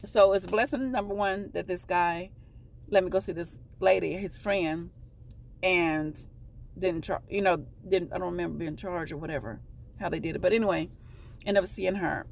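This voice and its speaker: Woman vlogger, low gravelly voice, casual rambling storytelling to camera. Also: a little hiss or hum. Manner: rambling, halting, stops to correct herself.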